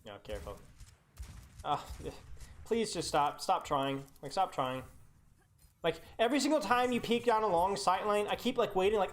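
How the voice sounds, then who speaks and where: Young male game coach, live-stream review, blunt teasing critique, very animated delivery. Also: high-pitched, moderate pace.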